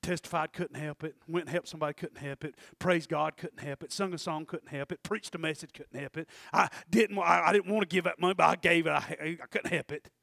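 A male pastor preaching an impassioned sermon in a church, swinging from shouts to hushed asides. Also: on the high side, steady tone, fairly quick, creaky, few pauses, dry recording, clean studio sound. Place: church sanctuary.

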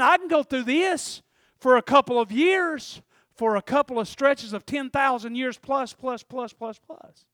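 A man's voice: very high-pitched, a bit bright, no echo, clean studio sound. A man preaching a folksy, conversational sermon, often checking in with the congregation.

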